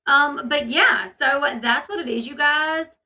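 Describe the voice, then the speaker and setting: A woman's voice: high voice, slow, bright, forceful tone, far from the mic, low-quality recording. A woman hosting a casual commentary video, chatty and opinionated with many fillers. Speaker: commentary channel host.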